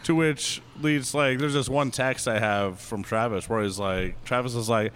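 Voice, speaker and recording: A man's voice: mid-range voice, animated, normal speed, a bit bright, clear, resonant tone. A man telling a long anecdote on a podcast, rambling and packed with fillers, breaking into laughs as he goes. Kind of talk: casual storytelling.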